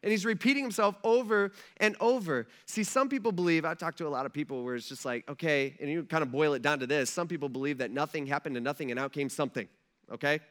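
High, bright-voiced man preaching casually. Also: fast. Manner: conversational, repeats "right?" and "all right". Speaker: pastor. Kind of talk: sermon.

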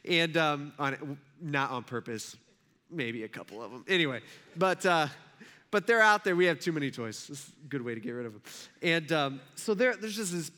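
Bright, animated male pastor preaching. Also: a little high, moderate pace. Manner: conversational, animated storytelling with filler words. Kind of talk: sermon with personal story.

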